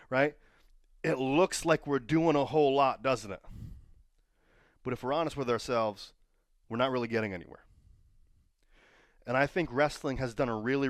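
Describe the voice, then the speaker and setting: A man's voice: mid-range voice, no echo, studio quality. A man who trains pro wrestlers tells stories and gives casual advice, often checking in with the listener by asking "right?". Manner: storytelling, keeps asking "right?".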